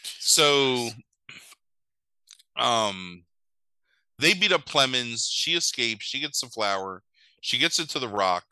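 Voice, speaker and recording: A man's voice: medium pitch, animated, slow pace, pauses often, bright, forceful tone, clear, resonant tone, dry recording, rough recording. A man casually retelling a movie plot, swearing and acting out the characters' lines in mock voices. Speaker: podcast host recapping a movie. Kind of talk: casual chat.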